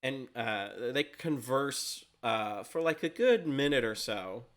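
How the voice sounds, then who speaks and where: A man's voice: mid-range voice, expressive, slow pace, fairly bright tone. A man running a tabletop game as dungeon master, narrating hesitantly with many fillers.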